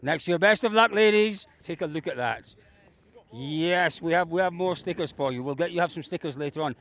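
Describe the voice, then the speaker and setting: Outdoors at a rainy rally stage, a man conducts roving interviews as host, jovial, gushing, and teasing. His voice is on the high side, fairly bright in tone, and a little fast.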